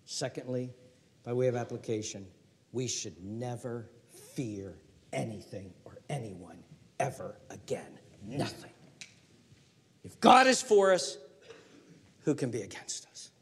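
An older male pastor preaching a sermon emphatically, asking rhetorical questions and sometimes dropping to a hushed whisper. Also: mid-range voice, a little slow.

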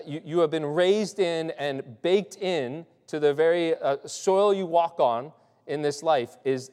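Speaking in a slightly high, slightly mellow voice, a male pastor delivers a loose, conversational sermon, frequently restarting and checking in with "right?". The recording features a long hall reverb.

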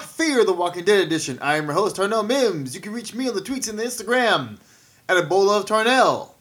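High-voiced, upbeat male podcast host. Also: fairly bright tone. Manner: upbeat, joking, laughs often. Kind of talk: casual podcast chat.

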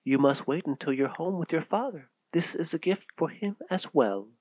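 A man voicing a mysterious hooded woman in the forest, gentle and protective, speaking in a light, lilting, near-whispered way for a storybook reading. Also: fairly high pitch, normal speed, no room sound, lightly acted. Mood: soothing. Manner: soft, soothing, near-whispered.

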